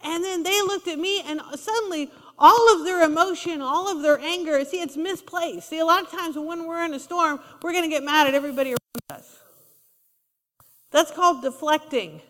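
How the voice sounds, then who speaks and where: A woman's voice: very high-pitched, normal speed, fairly bright tone. Woman, preacher, conversational sermon, acts out quotes, echoing church hall. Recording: long reverb of a large hall.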